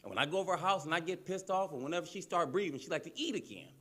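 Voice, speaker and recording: A man from Cleveland doing a loud, profane, animated stand-up routine on a comedy club stage. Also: a little high, racing. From Cleveland, Ohio, US.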